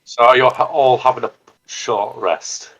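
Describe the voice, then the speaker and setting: A man narrating calmly as game master. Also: mid-range voice, unhurried, highs cut off.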